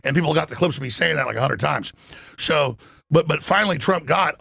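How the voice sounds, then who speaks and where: Brief: gravelly, husky talk-radio man, somewhat high-pitched, ranting emphatically with profanity and restarts. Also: moderate pace, bright, forceful tone, dry recording, clean studio sound. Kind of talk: heated political commentary.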